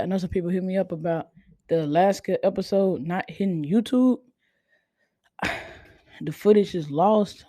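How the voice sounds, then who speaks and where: A woman hosting a casual podcast, talking in a laid-back, near-monotone way and sounding tired. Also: on the low side, dry recording, studio quality. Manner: self-described monotone, laid-back delivery. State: tired, sleepy. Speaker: podcast host. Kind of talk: casual chat.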